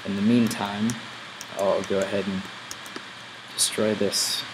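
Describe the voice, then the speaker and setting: This gameplay video host, a man with a lowish, level voice, speaks slowly over a noisy background. He comments casually while playing, thinking out loud as he goes.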